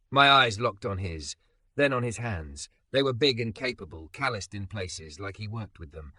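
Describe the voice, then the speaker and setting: A man narrating a first-person story with an expressive, emotional delivery. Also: on the low side, normal speed, dry recording.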